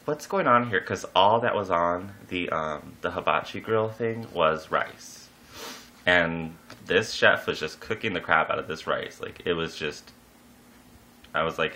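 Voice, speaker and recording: Low-voiced man telling a rambling story. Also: slight background noise. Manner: rambling, full of "like" and "you know"; animated, jumps up in pitch when quoting people. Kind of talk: casual personal storytelling.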